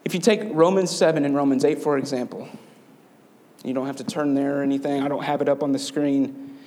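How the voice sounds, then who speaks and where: A man's voice: mid-range voice, steady tone, fairly quick, a little mellow. A man delivering a sermon as pastor, earnest and conversational, asking his listeners rhetorical questions.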